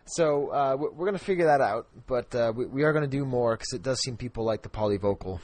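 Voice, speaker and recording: A man's voice: medium pitch, expressive, fast, darkish tone, no echo. A middle-aged man co-hosting a podcast, talking loosely and chattily, circling back and restarting sentences as he goes. The sound is dry and close, with no room around it. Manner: chatty, rambling with frequent restarts and fillers. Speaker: podcast co-host. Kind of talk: casual chat.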